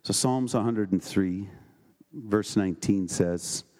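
A man preaching a sermon, reading scripture aloud and checking in with the congregation with quick questions. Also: fairly low pitch, mellow. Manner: conversational, with emphatic questions to the congregation.

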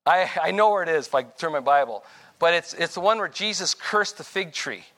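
A man's voice: a little high, lively intonation, a little fast, a bit bright. An older man giving a rambling, informal testimony sermon, correcting himself as he goes and chuckling between points. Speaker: preacher.

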